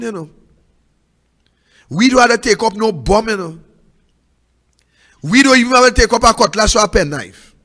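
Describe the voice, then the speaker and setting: Here a political talk show host with a Trinidadian accent preaches passionately, repeating rhetorical questions and moving from booming to hushed. His voice is high-pitched, and the sound carries like a large hall.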